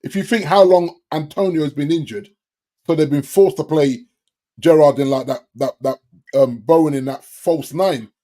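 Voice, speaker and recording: A man co-hosting a football podcast, jokey and agreeable, chiming in with quick yeahs. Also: fairly high pitch, warm tone. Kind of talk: casual football chat.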